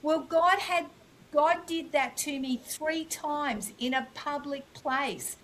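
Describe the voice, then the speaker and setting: A woman's voice: high voice, takes it slowly, fairly bright tone, poor audio. A woman in her sixties telling a personal story on a podcast, acting out quoted dialogue with animation. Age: 60s. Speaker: guest. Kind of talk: casual podcast conversation.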